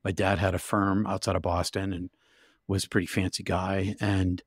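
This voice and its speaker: An older man, an interview guest, telling his story in a vivid, halting way with restarts. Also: deep voice, level tone, slightly rough, no room sound, studio quality. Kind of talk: emotional storytelling.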